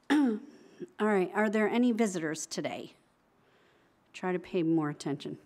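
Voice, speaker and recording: A woman's voice: on the low side, expressive, unhurried, darkish tone. A woman giving the announcements at a church service, welcoming visitors in a friendly, slightly hesitant way. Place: church sanctuary.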